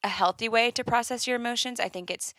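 A woman's voice: on the high side, fast talker, fairly bright tone, dry recording. A young woman co-hosting a podcast, casual, teasing and thoughtful. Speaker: podcast co-host. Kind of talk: casual chat.

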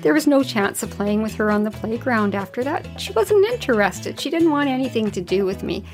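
Higher-voiced woman chatting folksy on her podcast, earnest, faint music under her. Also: lively intonation, brisk. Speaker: podcast host. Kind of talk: personal reflective podcast talk.

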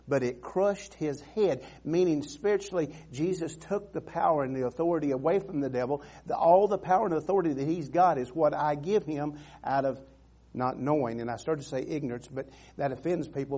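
A man's voice: fairly high pitch, warm tone, husky. A man preaching a sermon in an earnest, emphatic way, repeating phrases and restarting sentences.

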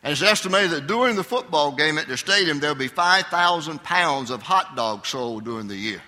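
This older pastor's voice is a little high and fairly quick, with lively intonation and a sharp tone. He preaches a conversational Sunday sermon, asking his congregation questions. The sanctuary recording has a long hall reverb.

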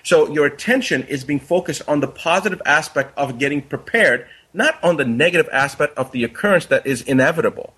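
A man's voice: on the high side, animated, brisk, few pauses, a bit bright, slightly rough. A man, a doctor, telling a parable in an earnest conversational way. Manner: earnest, tells a parable with quoted dialogue. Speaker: doctor guest. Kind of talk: conversational storytelling.

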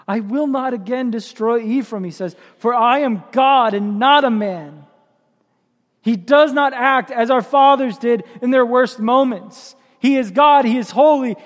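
A man's voice: very high voice, a little slow, in a large hall. A man preaching a sermon as pastor, with impassioned, building emphasis.

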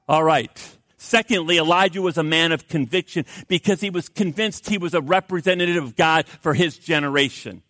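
A middle-aged man preaching a sermon as pastor, swinging between loud urgent pleas and hushed low asides, often repeating words for emphasis. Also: moderate pace, hardly any pauses, dry recording, clean studio sound.

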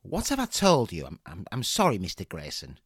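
A man's voice: low voice, huge pitch swings, fairly quick, husky, no room sound, clean studio sound, pitched below the performer's own voice, heavily acted. A man playing a timid, apologetic middle-aged mother who stammers in a comedy sketch. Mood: flustered.

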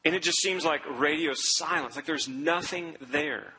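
A man's voice: fairly high pitch, very animated, unhurried, vocal fry, sharp tone, big-room sound, low-quality recording. A man preaching a sermon in a conversational way, quoting scripture and acting out what people said. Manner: conversational preaching, quotes scripture and acts out voices. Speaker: pastor.

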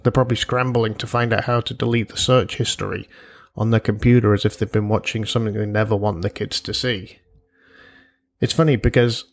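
Gravelly-voiced male podcast host. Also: fairly low pitch. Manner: chatty and jokey, with asides and imagined quotes. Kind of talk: solo personal finance podcast.

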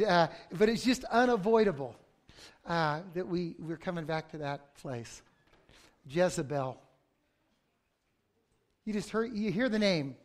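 A middle-aged male pastor preaching a conversational sermon that breaks into sudden loud outbursts. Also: on the high side.

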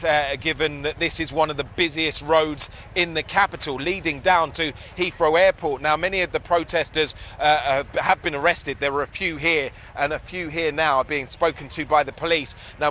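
Bright-voiced male street reporter. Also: on the high side, steady tone, slight background noise. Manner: brisk, hesitant with fillers. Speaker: field reporter. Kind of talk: live outdoor news report. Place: roadside outdoors in a city.

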